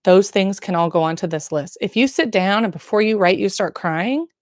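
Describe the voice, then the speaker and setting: A woman's voice: medium pitch, moderate pace, no echo, clean studio sound. A woman who works as a birth nurse, giving frank, slangy, encouraging advice straight to camera. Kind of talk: casual direct-to-camera advice.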